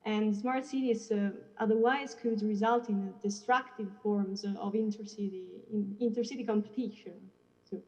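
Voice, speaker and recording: A woman's voice: mid-range voice, fairly even intonation, moderate pace, darkish tone. A woman adding a comment in an academic panel discussion, hesitant with many fillers. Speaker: panel participant. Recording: dull, reverberant video-call audio.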